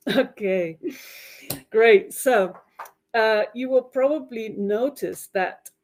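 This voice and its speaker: A woman's voice: fairly high pitch, slow pace, darkish tone. Friendly woman presenting a teacher webinar. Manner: friendly, checks in often with "right?" and "okay?", laughs lightly. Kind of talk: online webinar talk to teachers.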